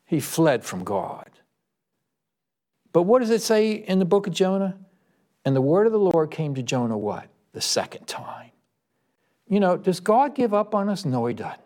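A man delivering a sermon in an animated, sing-song voice that swings widely in pitch. His voice sits a little above the usual for a man, and he keeps firing questions at his listeners before answering them himself. He leans hard into the emphatic lines. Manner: emphatic, rising to high-pitched exclamations. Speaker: preacher. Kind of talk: sermon with storytelling.

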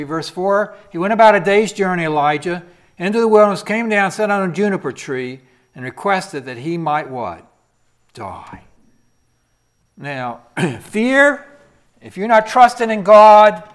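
This preacher's voice sits on the high side. As he delivers his sermon, he swings from forceful, loud emphasis down to near-whispers, tossing rhetorical questions at the people in the pews.

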